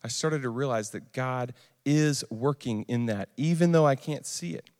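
A man's voice: medium pitch, normal speed, darkish tone. A young man sharing a personal testimony with a group, speaking candidly with frequent fillers and restarts. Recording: long hall reverb.

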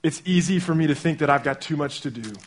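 A young man delivering a sermon as pastor in a conversational, animated way, acting out little quotes as he goes. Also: fairly high pitch, fast, slight background noise.

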